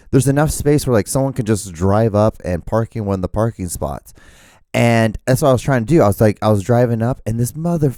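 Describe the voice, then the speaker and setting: Male host, 30s, meandering self-deprecating monologue, warm low voice, dry recording. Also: no echo. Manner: meandering, profane, self-mocking, with many fillers and restarts. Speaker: podcast host. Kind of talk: rambling solo podcast monologue.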